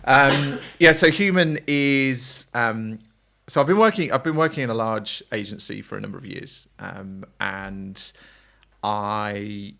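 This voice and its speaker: Male podcast guest from England, gravelly and bright, chatty and self-deprecating. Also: on the low side, unhurried. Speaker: podcast guest, agency founder. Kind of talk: casual chat.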